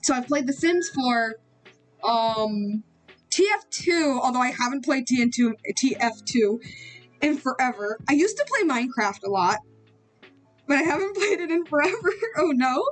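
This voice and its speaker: A woman's voice: high-pitched, sing-song, normal speed, soft background music. A young woman chatting casually while she draws, rambling, giggling and using slang. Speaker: artist streaming while drawing. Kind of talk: casual chat while drawing.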